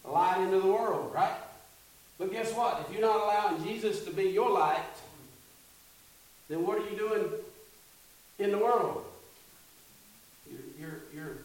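A man's voice: high-pitched, a little slow, long pauses. A male pastor preaching a sermon in call-and-response style, building to fervent peaks. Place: church sanctuary. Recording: echoey sanctuary from a distance.

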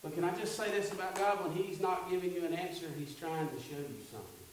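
A man's voice: sits high, fast talker, slight background noise. A male pastor preaching a sermon in call-and-response style, building to fervent peaks. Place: church sanctuary. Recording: echoey sanctuary from a distance.

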